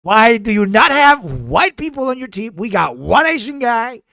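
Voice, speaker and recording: A man putting on a loud, defensive male government staffer who brags and mocks. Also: very high-pitched, sing-song, moderate pace, creaky, no echo, studio quality, voice pushed up, heavily acted. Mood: indignant.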